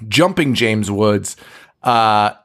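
Man, podcast co-host, lively pitch, profane, keeps laughing and doing bits. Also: very slow. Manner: profane, laughing, acts out quotes. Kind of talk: casual movie chat.

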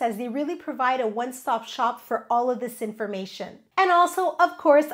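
A woman hosting a travel safety tips video in an upbeat, instructive way, her voice nasal from a cold. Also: high voice. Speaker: travel vlog host.

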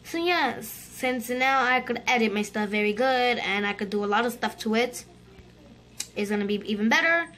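Excitable high-voiced female gamer. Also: moderate pace. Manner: excitable, shrieking and chattering to viewers. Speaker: gaming channel host. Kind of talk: let's-play commentary.

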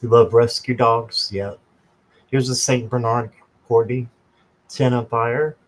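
Laid-back man hosting a live stream, unhurried, jokey, mid-pitched voice. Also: little pitch movement, low-quality recording. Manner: slow, chatty, talks to viewers by name, jokes. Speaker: tarot reader and channel host. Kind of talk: casual live-stream chat.

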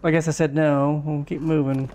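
A man streaming a game live, muttering casual commentary and quick offhand reactions. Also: on the high side, flat delivery, warm tone.

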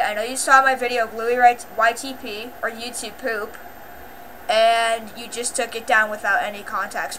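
Bright-voiced woman, rambling and halting. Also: a little high, a little hiss or hum, rough recording. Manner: rambling and halting, full of filler words; pleading, repetitive apologizing. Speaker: channel owner. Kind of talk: casual apology vlog.

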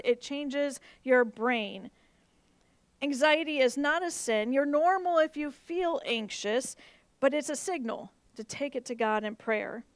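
A woman pastor preaching a sermon, earnest, moving between soft, intense passages and emphatic rises. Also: high voice, no room sound.

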